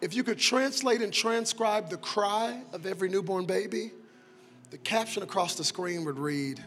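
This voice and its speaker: High-voiced preacher man in a big reverberant hall. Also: moderate pace. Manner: call-and-response preaching, swings from soft talk to shouted climaxes. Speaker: pastor. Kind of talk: sermon. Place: large church sanctuary. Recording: long hall reverb with organ music behind.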